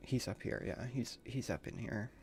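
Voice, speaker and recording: Man, gravelly, mid-pitched, livestream gamer, crude slangy reactions, reads game text aloud. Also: normal speed, a little hiss or hum. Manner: crude slang-heavy reactions, swears often. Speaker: streamer. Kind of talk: casual gaming livestream commentary.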